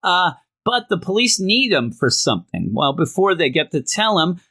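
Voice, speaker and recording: A man casually reviewing an old comic book, rambling and retelling the story with animated asides. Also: high voice, moderate pace, husky.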